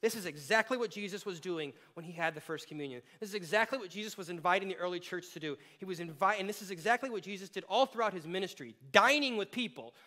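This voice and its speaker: A man's voice: high voice, fast talker, hardly any pauses, sharp tone. A male pastor giving a sermon in a conversational way, with playful asides to the congregation.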